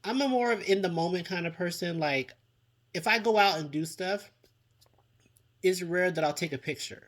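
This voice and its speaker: With a mid-range, fairly bright voice at normal speed, this host casually critiques a reality show for their channel as a TV reviewer. Frequent sighs and exclamations mark the exasperated, dramatic delivery, and the host speaks to people directly, repeating lines for emphasis.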